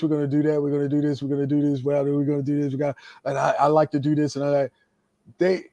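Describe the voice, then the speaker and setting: A veteran wrestler with a fairly high-pitched voice tells stories in a casual podcast chat, acting out the quotes as an animated storyteller. The recording is dry.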